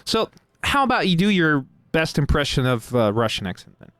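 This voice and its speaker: A man's voice: a little high, sing-song, a little fast, a bit bright, smooth, no echo. Give me a giggly man hosting a livestream, recorded close and dry. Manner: giggly, restarts often. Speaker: stream host. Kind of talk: casual livestream interview.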